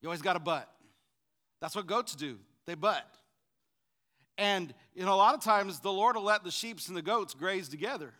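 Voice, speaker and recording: A man preaching a sermon in call-and-response style, swinging from loud fervent bursts to quiet asides. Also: high voice, normal speed.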